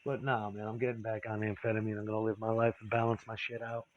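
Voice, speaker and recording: A man's voice: lowish voice, little pitch movement, fast, muffled recording. A man telling a candid, rambling personal story, profane and confessional.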